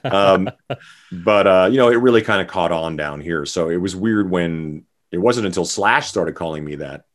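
Very deep-voiced rambling man. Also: normal speed. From Canada. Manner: rambling, many fillers and restarts. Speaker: guest musician. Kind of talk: casual interview chat.

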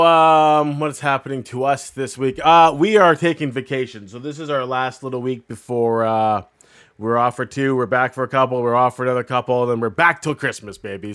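A man's voice: mid-range voice, moderate pace, a bit bright, smooth, no room sound, studio quality. A man co-hosting a casual podcast, joking and swearing as he talks. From Canada. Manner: profane, joking, laughs often. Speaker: podcast co-host.

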